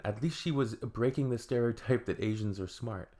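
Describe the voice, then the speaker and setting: A man's voice: mid-range voice, normal speed, few pauses. A man from Canada hosting a reaction video, reading comments aloud with wry, sarcastic asides.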